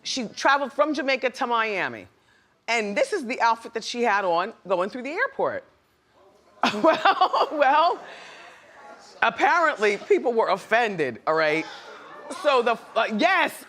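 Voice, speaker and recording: A woman's voice: fairly high pitch, sing-song, measured pace, fairly bright tone. A woman hosting a talk show, chatting playfully and laughing often with her studio audience.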